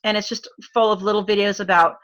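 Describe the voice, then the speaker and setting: A middle-aged woman with an Arizona accent talks in a loose, conversational way, full of fillers and quick laughs. Her voice is bright and forward, and her pitch sits in an ordinary middle range. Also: steady tone, lo-fi sound. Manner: chatty, laughs often, many fillers. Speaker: guest. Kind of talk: casual chat.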